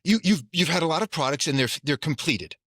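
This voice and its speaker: A man's voice: a little high, animated, fast, a bit bright, husky, no room sound, clean studio sound. A man hosting a podcast, asking questions in a casual, loosely phrased, chatty way. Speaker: podcast host. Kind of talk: conversational interviewing.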